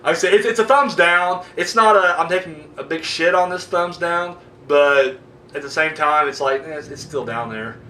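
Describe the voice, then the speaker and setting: Guy ranting about movies, swears a lot, bright sharp voice, echoey room, mic kinda far. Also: a little high, normal speed, slight background noise. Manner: profane, exasperated, swings between loud outbursts and mumbling. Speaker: movie reviewer.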